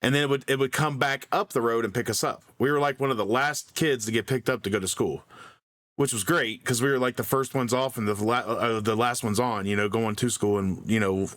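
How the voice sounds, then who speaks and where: Brisk and steady in tone, with medium pitch and a fairly bright quality, a man co-hosting a podcast spins a long, rambling tale. He grew up in the country, and his casual storytelling is full of fillers, false starts and chuckles at himself.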